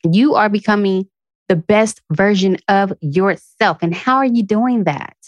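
A woman's voice: mid-range voice, a little slow, dry recording, lo-fi sound. A woman hosting a podcast, giving an earnest, emotional motivational talk full of affirmations, speaking to her listeners like a friend. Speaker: podcast host. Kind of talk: motivational self-help talk.

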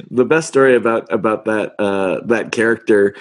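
A middle-aged man, a voice actor, telling stories in a casual interview in an animated, self-deprecating way and acting out the lines he quotes. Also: lowish voice, unhurried. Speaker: voice actor guest.

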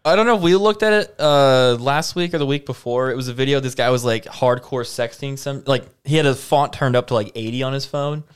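A man casually chatting and reacting to online videos with a co-host, blunt and quick to swear. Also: medium pitch, clean tone.

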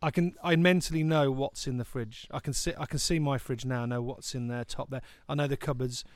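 A man's voice: medium pitch, steady tone, brisk, no echo. A man co-hosting a casual comedy chat over a video call, a rambling storyteller who mocks himself and laughs often. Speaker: co-host.

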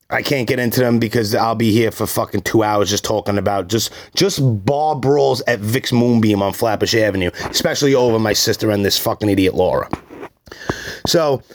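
A man, telling his life story in blunt, profane, rambling casual talk. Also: mid-range voice. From Brooklyn, New York.

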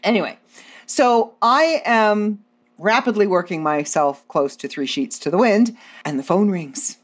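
A woman podcast host telling funny stories about her own life in a casual, self-deprecating, animated way. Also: mid-range voice, measured pace. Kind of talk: casual comedic storytelling.

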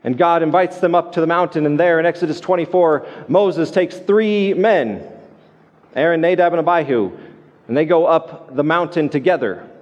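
Male pastor, casual sermon voice pitched a little high, stumbles and restarts, in a church with long reverb. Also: normal speed, highs cut off. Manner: conversational, many restarts and repeated words. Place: church sanctuary.

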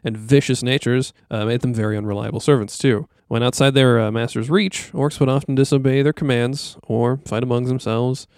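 A man co-hosting a casual podcast, reading through lore notes in an even way. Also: mid-range voice, fairly quick, hardly any pauses, no echo. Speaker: podcast co-host. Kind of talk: casual chat.

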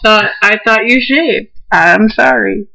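A woman with a mid-range voice co-hosts a casual podcast. She is blunt and quick to tease, and she keeps the talk loose and jokey. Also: mid-range voice, vocal fry, bright, forceful tone, low-quality recording. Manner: blunt, teasing, quick to joke. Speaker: podcast co-host. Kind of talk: casual chat.

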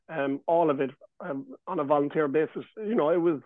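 A man's voice: fairly high pitch, brisk, no room sound. A man in his forties with a Cork Irish accent, a school principal reflecting loosely on his career as a podcast guest. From Ireland. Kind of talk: casual interview chat. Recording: tinny phone-like line.

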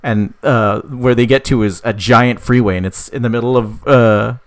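A man spins a made-up story casually at a moderate pace, his intonation fairly even, rambling with plenty of fillers and swearing. He voices the characters' lines in a higher pitch.

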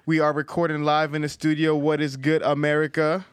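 Energetic young man hyping a podcast. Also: on the high side, fairly quick, smooth, dry recording. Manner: energetic hype banter, gives shout-outs. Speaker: podcast co-host. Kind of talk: casual chat.

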